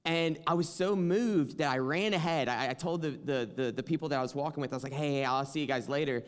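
Young male preacher, earnest testimony, slightly higher voice, builds to passionate emphasis. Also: fast talker, clear, resonant tone. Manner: earnest, rising to impassioned emphasis. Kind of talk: sermon with personal testimony.

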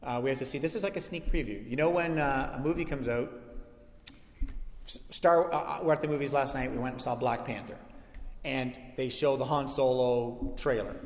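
A man from North America preaching a sermon, lively and playful, slipping into acted-out voices for his jokes. His voice carries through a big church hall with a long ringing echo. His pitch is neither high nor low. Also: normal speed. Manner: animated, jokey preaching with acted-out asides. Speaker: pastor. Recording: echoey hall.

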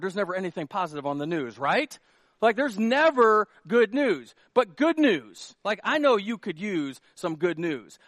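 A man's voice: high voice, fairly bright tone, dry recording, studio quality. A middle-aged man preaching a sermon in a church, joking and conversational, with emphatic rising peaks. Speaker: pastor. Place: church sanctuary.

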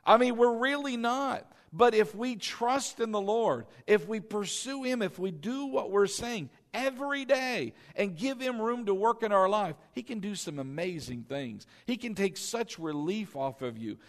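A man's voice: sits high, expressive, unhurried, hardly any pauses. A man preaching a sermon as pastor, exhorting the congregation, repeating key lines and asking them questions. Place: church sanctuary. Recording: long hall reverb.

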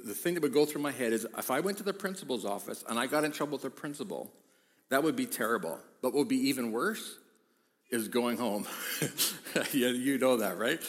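A man preaching a sermon, moving from easy conversational talk to loud, emphatic exhortation. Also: medium pitch, normal speed, pauses often. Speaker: pastor. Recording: echoey hall with long reverb.

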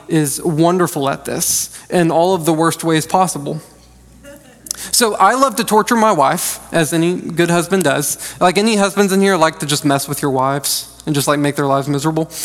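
A male pastor in his thirties with a notably high voice preaches in an easygoing, joking way, often restarting mid-sentence. His voice carries a long reverb from a large church hall. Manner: conversational and joking, with frequent restarts. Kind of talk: sermon. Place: church sanctuary.

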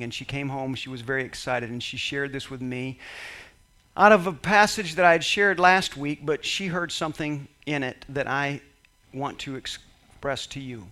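Male pastor, high-pitched and ringing, emphatic sermon delivery. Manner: emphatic, swings from quiet to shouting.

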